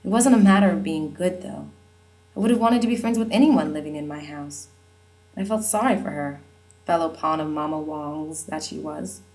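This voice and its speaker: A woman's voice: low-pitched, normal speed, a little mellow, rough recording. A woman reading a first-person novel aloud in a wry, conversational storytelling manner. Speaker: audiobook narrator.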